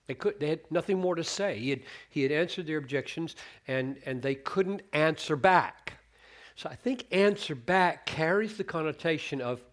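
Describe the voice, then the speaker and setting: A man's voice: a little high, fairly bright tone. A man preaching a sermon on a Bible passage, earnest, restarting words as he thinks aloud and acting out the quoted lines.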